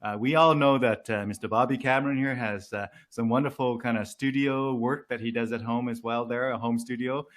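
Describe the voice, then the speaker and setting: A man's voice: medium pitch, steady tone, a little fast, hardly any pauses. Hesitant male interview host. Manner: filler-heavy, hesitant questioning. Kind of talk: casual interview hosting.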